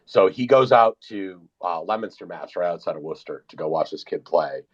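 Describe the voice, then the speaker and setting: A man's voice: sits low, animated, brisk, breathy edge, highs cut off. A man in casual chat on a live online audio room, telling a long, rambling, profane story. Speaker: podcast co-host.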